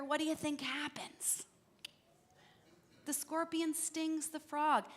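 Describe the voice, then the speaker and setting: A woman leading a church service, telling a fable gently and asking her listeners questions. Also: high voice. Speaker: worship leader. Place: church sanctuary. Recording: church hall reverb.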